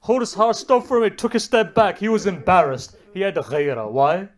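A man's voice: high-pitched, moderate pace. A man delivering a Muharram sermon, retelling a story with rising and falling emotional intensity. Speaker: religious speaker.

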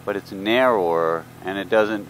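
A deep-voiced motovlogger chats casually as he rides his motorcycle, rambling through stories for his vlog at a normal pace. He's outdoors on the moving bike, speaking into a helmet mic, and the audio is poor, full of wind and road noise.

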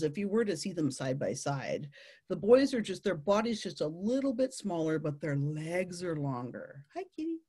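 A woman telling a playful nature story to families, animated and laughing often. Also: lowish voice, husky.

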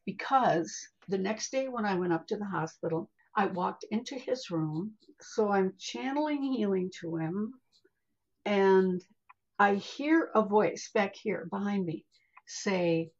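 An older American woman guest telling personal stories in an interview, chatty and animated, calling the listener honey. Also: medium pitch, slow pace. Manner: animated, vivid retelling with acted asides. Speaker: podcast guest, spiritual healer. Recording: dull lo-fi sound.

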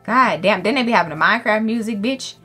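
A woman streamer giving loud, profane, excitable commentary while playing a game, shrieking when something startles her. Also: medium pitch, fast talker, husky, soft background music. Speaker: gaming streamer. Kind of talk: let's play commentary.

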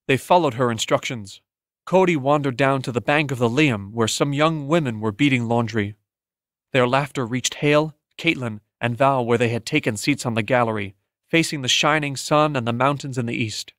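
Male audiobook narrator, steady measured read, dead-dry booth. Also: medium pitch, no echo. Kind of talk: scripted narration.

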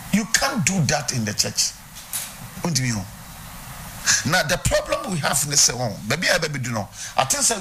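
A man's voice: a little high, pushed and bright, slight background noise. A man with a Ghanaian accent preaching a sermon, teaching and putting questions to his congregation. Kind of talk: sermon mixing Twi and English. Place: church.

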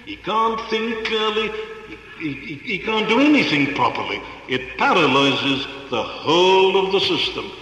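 A man's voice: sits high, sing-song, measured pace, pushed and bright, a little hiss or hum. A man preaching a sermon in an earnest, rhetorical way, piling up emphatic repetitions. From Wales. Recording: echoey hall with long reverb.

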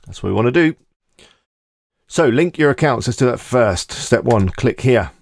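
A man hosting a screen-recorded software tutorial, talking casually and thinking aloud as he clicks through each step. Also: mid-range voice, lively intonation, normal speed, vocal fry. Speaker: tutorial host.

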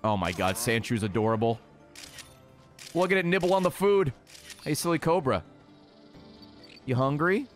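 A man streaming a game, excitable and swearing freely as he yells at the creatures on screen. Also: mid-range voice, normal speed, pauses often, faint music behind. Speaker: gaming streamer. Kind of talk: casual let's-play commentary.

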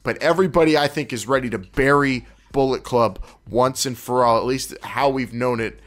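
A man's voice: medium pitch, normal speed. A man with an ordinary mid-range voice hosts a casual podcast. He rambles, backtracks mid-sentence and laughs at his own asides. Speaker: podcast host. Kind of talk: casual chat.

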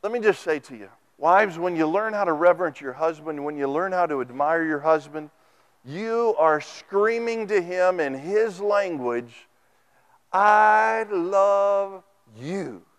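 A male preacher addresses a church sanctuary through a microphone, his high-sitting voice moving with animation. He keeps a normal speed with few pauses. Homespun stories and dramatized quotations fill his sermon.

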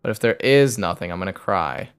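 A man's voice: low voice, lively intonation, fairly quick, smooth. A young man streaming a game, muttering a loose running commentary to himself as he plays. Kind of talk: live gameplay commentary.

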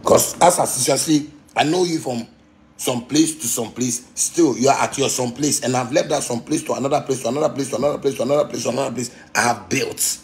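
A man's voice: mid-range voice, fast talker, darkish tone. Man, ghanaian pidgin accent, blunt defiant rant, repeats himself, swears, phone livestream. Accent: Ghanaian Pidgin English. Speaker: musician talking to fans live.

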